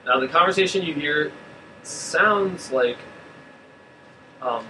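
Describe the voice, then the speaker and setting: A man narrating a tabletop game as game master, relaxed and hesitant with lots of fillers, recorded far from the mic in a roomy space with air-conditioner hum. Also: fairly high pitch, slow pace.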